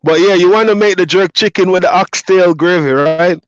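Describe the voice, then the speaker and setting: Jamaican man, Patois native, high-pitched, relaxed livestream chatter answering comments; dry, muffled audio. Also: normal speed, no echo. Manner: reads viewer comments aloud and chats back, easygoing, laughs often. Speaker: truck driver streamer. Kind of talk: casual livestream chat. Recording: dull lo-fi dry sound.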